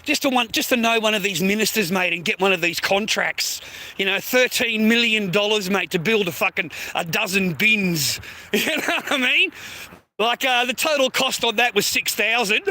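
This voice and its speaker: A man's voice: sits high, pushed and bright. A middle-aged Australian man vlogging outdoors on a phone, swearing constantly and tagging mate onto nearly every line. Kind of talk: rambling street vlog. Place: outdoors on city streets.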